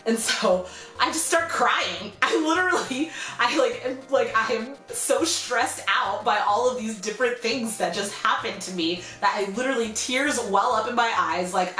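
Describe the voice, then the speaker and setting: A young American woman telling a rambling, animated storytime in a casual vlog, full of "like" and "you know". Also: medium pitch. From United States. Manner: animated, rambling, heavy use of "like". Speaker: vlogger. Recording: roomy echo with faint music.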